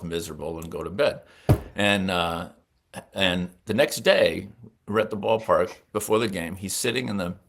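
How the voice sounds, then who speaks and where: A man in his sixties with a low, gravelly voice tells stories in a relaxed interview. He is a longtime sportswriter, and he livens up his anecdotes by acting out the people he quotes. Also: noisy background. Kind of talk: storytelling in a casual interview.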